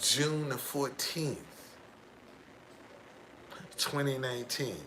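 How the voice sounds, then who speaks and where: Slow, forceful man telling his story. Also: lowish voice, a little hiss or hum. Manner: emphatic, repeats key phrases. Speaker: driver. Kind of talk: personal storytelling monologue.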